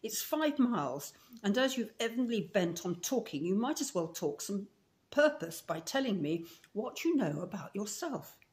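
A woman's voice: mid-range voice, very animated, normal speed, darkish tone, natural voice. A woman with a Scottish accent reading the lines of a strict, dry older woman in a storybook. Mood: stern. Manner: curt, blunt, matter-of-fact.

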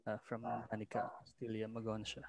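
A man's voice: fairly low pitch, completely flat delivery, fairly quick, darkish tone. A man moderating an online panel discussion over a video call, musing aloud and reading out audience comments. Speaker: forum moderator.

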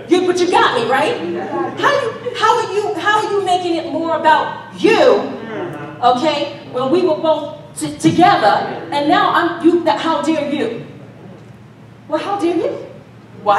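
A woman preaching a casual, playful sermon, joking and laughing with the congregation. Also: high voice. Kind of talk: conversational sermon. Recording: echoey church hall, mic at a distance.

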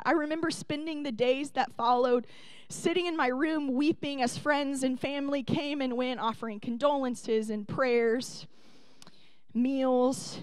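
A woman's voice: sits high, clear, resonant tone, no room sound. A young woman pastor delivering a sermon, tender and earnest, building to emphatic peaks.

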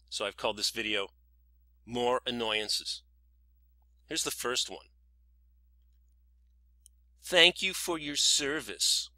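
A man vents in a sarcastic, indignant monologue, piling up rhetorical questions. His voice is strikingly bright and cutting. The sound is dry and close, with no room around it. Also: mid-range voice, dry recording. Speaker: vlogger. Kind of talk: scripted ranting monologue.

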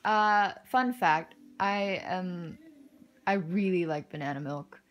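A young woman casually commenting as she unboxes a photobook, gushing and excitable, with soft muttered asides between her exclamations. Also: lowish voice, slow, dull audio, faint music behind. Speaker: unboxing vlogger.

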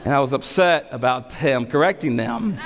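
A man in his thirties, a pastor preaching a sermon, animated and repeating key phrases for emphasis between humorous stories. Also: mid-range voice, moderate pace, a faint crowd. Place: church sanctuary. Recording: long hall reverb.

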